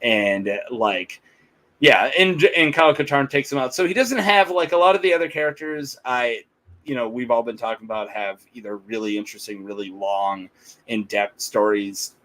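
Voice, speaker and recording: A man's voice: mid-range voice, moderate pace, a bit bright, rough recording. A man co-hosting a podcast, chatting casually, rambling with frequent laughter. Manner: rambling, laughs often, quotes characters in playful voices. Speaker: podcast co-host. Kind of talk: casual chat.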